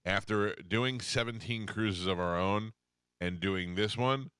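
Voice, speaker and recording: A man's voice: lowish voice, a bit bright, clear, resonant tone, dry recording. A man hosting a morning radio show, telling loose stories in casual chat. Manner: loose storytelling, quick asides.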